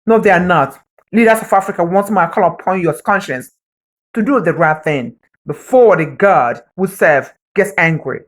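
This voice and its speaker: A woman's voice: on the low side, expressive, moderate pace. A woman giving an emotional, preacher-like spoken appeal, pleading and repeating phrases for emphasis. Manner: emotional, says her heart is broken. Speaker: vlogger.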